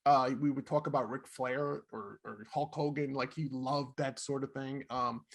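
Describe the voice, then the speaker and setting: A middle-aged man co-hosting a podcast, telling stories in a casual, animated way and laughing often. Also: mid-range voice, normal speed. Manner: animated, laughing, acts out quotes. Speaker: podcast co-host. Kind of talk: casual storytelling chat.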